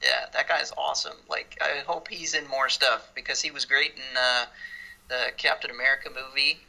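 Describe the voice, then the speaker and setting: Bright, gravelly-voiced man chatting films. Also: steady tone, normal speed, low-quality recording. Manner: laid-back, acts out scenes in high goofy voices. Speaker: podcast co-host. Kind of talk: casual film chat.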